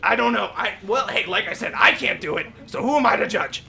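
A man co-hosting an improvised comedy podcast, excitable and prone to bursts of shouting. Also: high voice, fairly quick, vocal fry.

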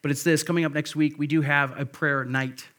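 An earnest man delivering a sermon from the pulpit. His voice sits a little higher than most men's, and he keeps pressing his points with conviction. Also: fairly even intonation, brisk, a bit bright. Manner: earnest, exhorting, rises for emphasis. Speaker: pastor.

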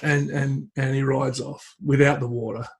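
A man with a husky, slightly breathy voice talks with a guest's easy, unhurried manner. He keeps circling back and restarting his sentences as he retells an old story. His pitch sits in an ordinary middle range. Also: little pitch movement, darkish tone. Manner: hesitant, restarts phrases, tells story with acted quotes. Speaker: podcast guest. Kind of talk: conversational storytelling. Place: at home with a cat.

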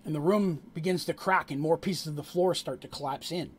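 A man narrating a tabletop game as game master, telling the story with animated asides to the players. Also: a little high, brisk, a little hiss or hum.

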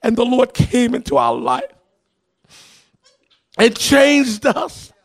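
A man preaching a sermon in a chanting, repetitive cadence, often rising into shouts and sing-song. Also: very high-pitched, takes it slowly, creaky. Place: church.

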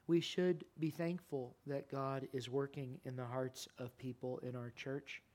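A man preaching a sermon in a church, impassioned, his voice climbing high and loud, then sinking to a quiet, earnest plea. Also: steady tone, unhurried. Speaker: pastor. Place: church sanctuary.

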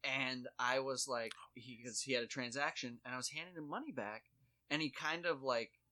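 Guy in his 30s telling funny stories, bright tone, acts out everyone he quotes. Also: medium pitch, moderate pace. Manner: animated storyteller, acts out quotes. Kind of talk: casual comedic chat.

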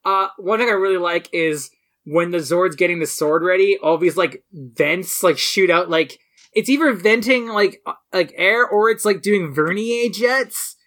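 A man's voice: sits high, measured pace, a bit bright. A man co-hosting a casual podcast, talking with enthusiasm and lots of fillers. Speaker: podcast co-host. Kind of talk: casual chat.

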